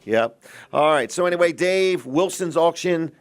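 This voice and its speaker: A man's voice: on the high side, animated, unhurried. A middle-aged man hosting a local TV talk show, chatting in a folksy, earnest way with many restarts.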